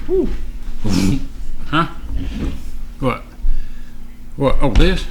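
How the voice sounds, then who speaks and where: A man's voice: medium pitch, animated, moderate pace, long pauses, noisy background. A man hosting his own live stream in a rambling, casual way, reading viewer comments aloud and getting fired up. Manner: rambling, reads viewer chat aloud, talks to someone off-mic; gets fired up and ranting.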